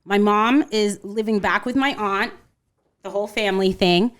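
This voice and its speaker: A woman in her thirties from Connecticut, USA, speaks at a medium pitch and normal speed as a podcast guest. In casual conversation she recounts a personal story, voicing the people in it.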